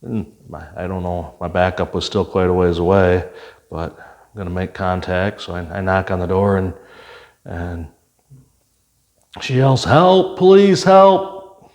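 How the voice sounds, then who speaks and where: An older man with a very low voice, a retired police officer, tells his story in a casual podcast interview. He speaks unhurriedly and reflectively, with frequent pauses and "uh"s. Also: flat delivery, darkish tone. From Michigan, US.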